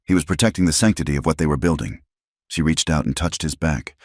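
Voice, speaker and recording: Male audiobook narrator, very deep, steady measured delivery, dry close mic. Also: breathy edge, no room sound.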